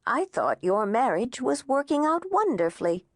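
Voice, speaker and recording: A woman narrator voicing an elderly, old-fashioned grandmother with a soft, motherly way of talking. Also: a little high, very animated, normal speed, dry recording, clean studio sound, voice pushed up. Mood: gentle, motherly. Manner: soft, motherly, turning frantic when scared.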